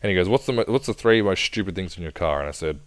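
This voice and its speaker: Low-voiced laid-back Australian man. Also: expressive, fast talker, clean tone, no room sound. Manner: laid-back, swears often. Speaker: podcast co-host. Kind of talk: casual storytelling chat.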